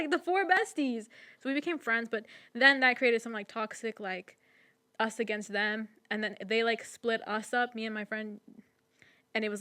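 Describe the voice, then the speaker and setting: A woman's voice: fairly high pitch, pushed and bright, clear, resonant tone, no echo. A young woman co-hosting a podcast, rambling through stories in casual chat with lots of "like" and "um". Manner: chatty, rambling, full of "like" and "um". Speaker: podcast co-host.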